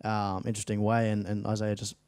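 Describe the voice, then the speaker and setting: A man's voice: fairly low pitch, monotone, fast, darkish tone, clear, resonant tone, no room sound. A young Australian man in his late teens, an actor chatting casually in a studio interview, rambling with frequent restarts and fillers. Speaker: actor guest.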